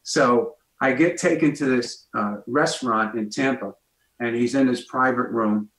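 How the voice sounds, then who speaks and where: A man's voice: medium pitch, unhurried, fairly bright tone, roomy sound, low-quality recording. A man, a guest comedian telling a story on a talk show and acting out the voices in it.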